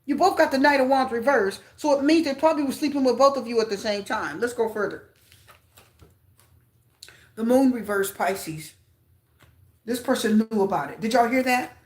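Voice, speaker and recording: A woman doing a casual tarot reading for her viewers, chatty and repetitive, often asking them questions. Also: on the high side. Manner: chatty, repeats herself, asks viewers questions. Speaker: tarot reader. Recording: roomy echo.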